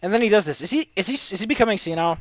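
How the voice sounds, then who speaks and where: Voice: mid-range voice, rapid-fire, no echo. A let's play commentator ranting heatedly about game rules, swearing often while reacting to a game. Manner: profane, heated, animated ranting.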